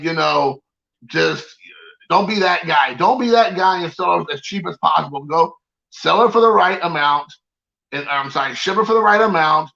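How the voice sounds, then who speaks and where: A man's voice: a little high, gravelly, pushed and bright, dull audio. A man hosting a collector vlog, talking in an exasperated, rambling and slangy way. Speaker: collector channel host. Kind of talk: casual ranting vlog.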